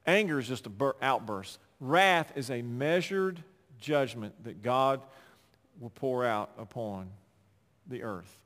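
A man pastor preaching a sermon, swinging between loud emphatic passages and quiet, conversational asides. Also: mid-range voice, expressive, takes it slowly, in a large hall.

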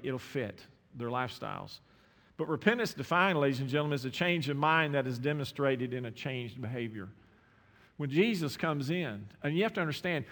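A man preaching a sermon, impassioned, repeating words and swinging from quiet asides to raised exclamations. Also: fairly high pitch. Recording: long hall reverb.

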